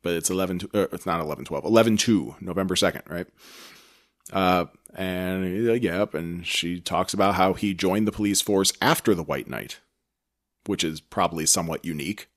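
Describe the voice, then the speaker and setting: A man's voice: deep voice, moderate pace, a bit bright. A man co-hosting a podcast, recapping a TV episode in a rambling, self-correcting casual chat. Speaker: podcast co-host.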